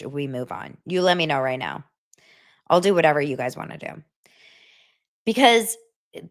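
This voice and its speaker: A woman hosting a casual celebrity gossip vlog, chatting straight to her viewers. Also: low-pitched. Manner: chatty, addresses viewers directly.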